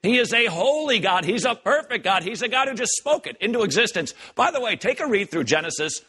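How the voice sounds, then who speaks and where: A man hosting a commentary show, reacting to clips with animated, joking asides. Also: high-pitched, brisk, husky. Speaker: host.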